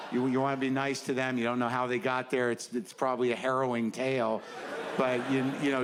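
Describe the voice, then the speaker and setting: A man's voice: mid-range voice, noisy background. A stand-up comedian in his sixties doing a neurotic, self-deprecating routine on stage, full of stammered restarts. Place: comedy stage before a live audience.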